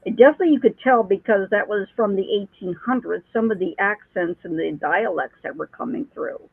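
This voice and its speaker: A woman's voice: mid-range voice, a little fast, creaky, slightly rough, no room sound. Chatty woman on a tinny phone line. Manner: chatty, storytelling with many restarts and laughs. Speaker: psychic medium guest. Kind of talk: casual chat.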